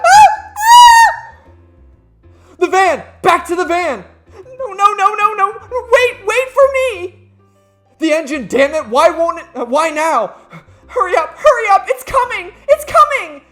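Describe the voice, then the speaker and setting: A streamer reading aloud the lines of panicked young characters in a horror film inside a game, voicing them with frantic shouting. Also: extremely high pitch, pitched above the performer's own voice, full character voice. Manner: screaming, frantic.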